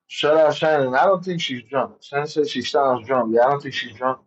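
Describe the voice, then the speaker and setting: A man's voice: mid-range voice, brisk, breathy edge. A man co-hosting a livestream, chatting casually and talking to the viewers. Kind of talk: casual chat. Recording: dull lo-fi sound.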